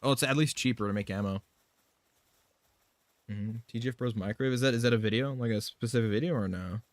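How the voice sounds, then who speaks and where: A man's voice: mid-range voice, fast talker, no echo. Man, game streamer, casual rambling chat, heavy swearing, frequent laughs, dry close sound. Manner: profane, loose and rambling, laughing often.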